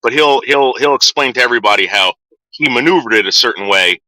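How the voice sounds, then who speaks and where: A man's voice: mid-range voice, a little fast, bright, forceful tone, no echo, rough recording. A man telling rambling stories to his viewers, repeating words and quoting people in put-on voices. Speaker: streamer telling stories about his father. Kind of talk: casual storytelling to a live chat.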